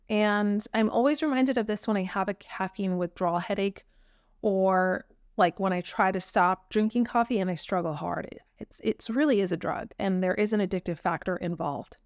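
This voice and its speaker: A woman's voice: mid-range voice, no room sound, studio quality. A woman hosting her own podcast, talking earnestly and frankly with frequent ums in a casual solo chat. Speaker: podcast host.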